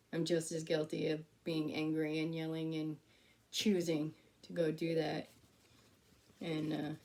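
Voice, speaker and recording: A woman with a fairly low voice preaches a sermon in a church. She talks in a relaxed, conversational way, acting out remembered exchanges and laughing at herself now and then. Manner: conversational, storytelling with quoted dialogue.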